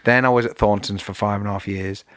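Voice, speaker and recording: A man's voice: lowish voice, fairly even intonation, fast talker, a bit bright. A young man as a podcast guest, telling frank, rambling anecdotes full of swearing. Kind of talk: casual chat.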